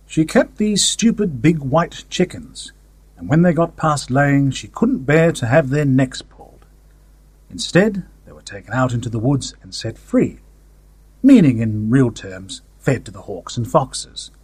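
A narrator with a husky, slightly breathy voice reads a first-person story aloud for an audiobook, sounding wry and conversational. His pitch rises and falls in a lively way at a somewhat slow pace, captured in a close, dry recording with no room sound.

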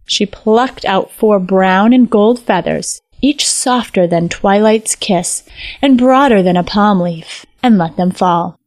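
A woman reading a fairy tale aloud in measured, lyrical scripted narration. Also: mid-range voice, a little mellow, no echo. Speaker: storyteller.

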